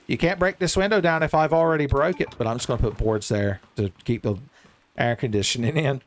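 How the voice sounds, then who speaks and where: A man giving casual, jokey let's-play commentary, rambling and breaking into excitable outbursts. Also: mid-range voice, a little fast. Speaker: gaming streamer.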